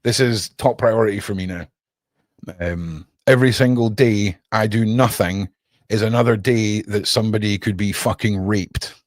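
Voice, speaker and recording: A man's voice: on the low side, moderate pace, no echo. Ranting Scottish man on a dry mic. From Scotland. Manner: heated, profane, rising to loud outbursts. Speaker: live streamer. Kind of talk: ranting live stream monologue.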